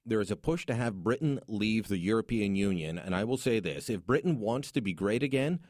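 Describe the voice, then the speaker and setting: A man's voice: fairly low pitch, lively intonation, fairly quick, darkish tone, dry recording, clean studio sound. A man hosting a talk radio show, speaking in an opinionated, jokey, conversational way. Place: radio studio.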